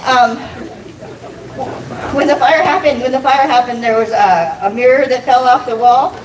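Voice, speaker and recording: A woman's voice: fairly high pitch, moderate pace, a faint crowd. A woman doing a stand-up set, self-deprecating, swearing and laughing at her own jokes. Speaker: stand-up comic. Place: comedy club stage. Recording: echoey room from far off, noisy.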